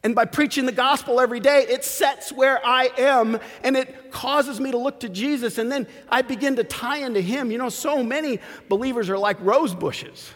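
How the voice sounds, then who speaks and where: Animated man preaching in a reverberant hall. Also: normal speed, hardly any pauses. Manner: animated preaching, swings from shouts to low asides. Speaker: pastor. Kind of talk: sermon. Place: church sanctuary.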